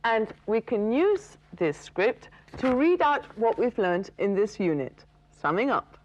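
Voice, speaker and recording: A woman's voice: fairly high pitch, big pitch swings, measured pace, noisy background. Female course presenter, dull lo-fi sound. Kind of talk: scripted presenting.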